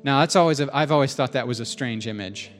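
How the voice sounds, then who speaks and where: A man preaching a sermon in a conversational, animated way, joking with the congregation in a church hall. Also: mid-range voice, fast talker, soft background music. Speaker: pastor.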